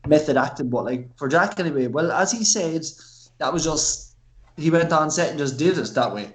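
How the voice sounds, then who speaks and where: A podcast co-host with a slightly high, expressive voice talks enthusiastically about a film at normal speed. His chat rambles, is heavy with fillers and includes casual swearing, and the room gives a noticeable echo.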